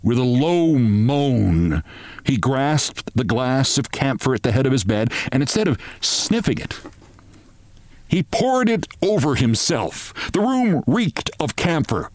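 Man, podcast host, expressive story reading, mid pitch, dry sound. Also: takes it slowly, dry recording. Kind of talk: reading a short story aloud.

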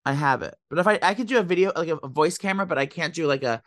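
A man with a New Jersey accent tears through casual podcast chatter at a rapid clip. He rambles and swears freely. The sound is close and dry, with no room around it. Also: fairly high pitch, fairly bright tone, dry recording. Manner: fast, rambling, swearing, acts out voices in stories. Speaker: podcast co-host. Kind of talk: casual chat.

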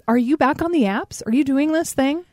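A woman's voice: high voice, fairly quick, noisy background. A woman hosting a casual chat, asking questions and poking fun at herself. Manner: chatty, self-deprecating, asks questions. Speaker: podcast host.

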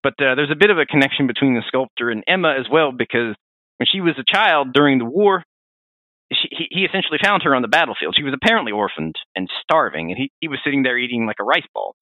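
A man hosting a podcast, telling game lore in a rambling, animated way with frequent restarts. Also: medium pitch, quick pace. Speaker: podcast host. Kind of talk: casual lore discussion. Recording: dry, phone-like narrow sound.

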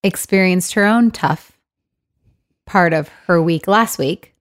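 A woman's voice: on the low side, slow, no echo, clean studio sound. A woman hosting a casual podcast chat with friends, upbeat and often laughing. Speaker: podcast host. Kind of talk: casual chat, also reads ads.

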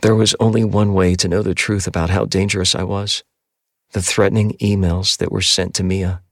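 A man reading a first-person novel aloud in a measured, somber audiobook narration. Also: deep voice, flat delivery, a bit bright, no room sound, studio quality.

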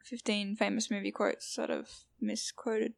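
A woman's voice: medium pitch, level tone, a little slow, creaky, no echo. A woman playing a tabletop game, teasing the others. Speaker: player. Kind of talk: casual chat.

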